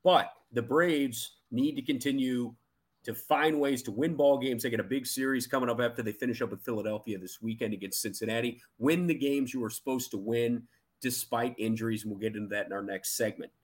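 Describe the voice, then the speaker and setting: Opinionated mid-pitched sports podcast man. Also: brisk, slightly rough. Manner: opinionated, emphatic. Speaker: podcast co-host. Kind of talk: casual sports chat.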